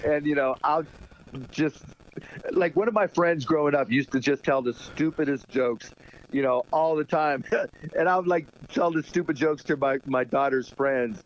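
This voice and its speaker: A man's voice: fairly high pitch, normal speed, slight background noise. A middle-aged man guesting on a radio show, telling rambling stories with lots of laughs and "you know". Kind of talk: casual radio interview chat. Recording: dull lo-fi sound.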